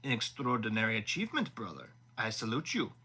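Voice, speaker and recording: A man's voice: fairly low pitch, big pitch swings, a little fast, pushed and bright, slightly rough, exaggerated voice. A man doing a wry charming young prince. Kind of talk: live audiobook reading.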